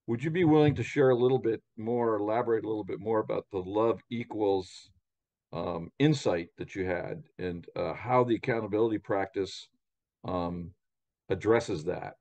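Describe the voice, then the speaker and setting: A man with a low voice co-hosts a podcast. He reflects slowly and pauses often on fillers as he shapes a question for his partner. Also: darkish tone. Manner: thoughtful, slow, with frequent fillers. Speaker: podcast co-host. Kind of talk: reflective conversational talk.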